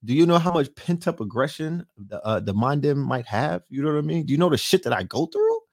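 A man's voice: on the high side, wildly swooping pitch, fairly quick, darkish tone, dry recording, clean studio sound. A man hosting a late-night livestream, brash and profane, constantly asking his viewers rhetorical questions. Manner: profane, brash trash talk; frequent rhetorical asides to viewers. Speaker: livestream host.

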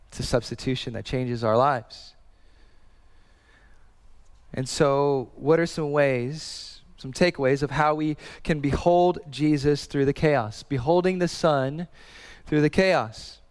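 An earnest male preacher in his thirties with a somewhat high voice. He talks conversationally and leans on repetition to drive each point home. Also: slow, clear, resonant tone, in a large hall. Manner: earnest, conversational, repeats phrases for emphasis. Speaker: pastor. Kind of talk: sermon.

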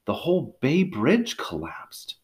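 A man's voice: medium pitch, wildly swooping pitch, slow, pitched above the performer's own voice. A man voicing a concerned neighbor asking after the family. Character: friendly neighbor man checking in.

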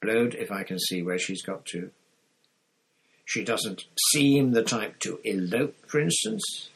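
A man voicing a jittery, ingratiating middle-aged wizard official who keeps lowering his voice to confide, in an audiobook reading. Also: slow, gravelly, fairly bright tone, breathy edge, heavily acted, rough recording. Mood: coaxing.

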